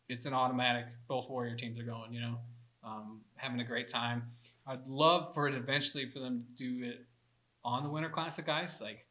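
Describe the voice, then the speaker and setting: Casual podcast guy, bright tone, rambly and easygoing, says dude a lot. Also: medium pitch. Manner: laid-back, rambling, laughs often, says "dude". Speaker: podcast co-host; veteran warrior hockey organizer.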